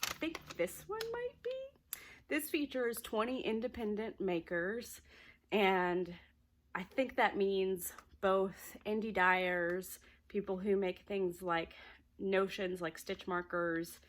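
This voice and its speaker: Slightly out of breath lady crafter vlogging, chatty and excited, giggly. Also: medium pitch, takes it slowly. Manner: excited, chatty, laughs often. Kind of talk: casual chat to camera.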